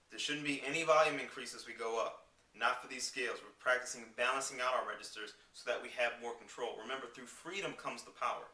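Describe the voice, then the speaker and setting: A man giving a singing lesson, explaining clearly and demonstrating vocal scales on simple syllables. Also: medium pitch, fast talker, far from the mic. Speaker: singing teacher. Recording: roomy sound with piano behind. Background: piano accompaniment.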